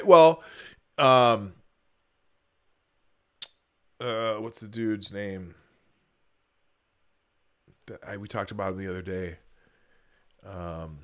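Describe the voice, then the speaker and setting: A man hosting a live stream who talks over a speech clip with sarcastic commentary. His pitch swings widely and animatedly as he rambles, restarting his sentences and filling gaps with ums. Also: a bit bright. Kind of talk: casual commentary.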